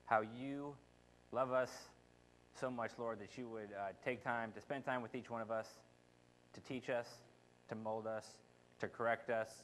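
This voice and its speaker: A man thanking a speaker and then leading a halting spoken prayer for a group, with frequent pauses and uhs. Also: medium pitch, fairly bright tone, rough recording. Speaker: prayer leader.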